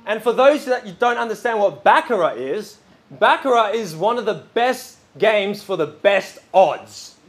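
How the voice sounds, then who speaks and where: A male preacher with a fairly high voice delivers a sermon in a loose, conversational style. He rambles warmly through stories, full of filler words and restarts. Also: measured pace. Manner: lively and chatty, with many fillers.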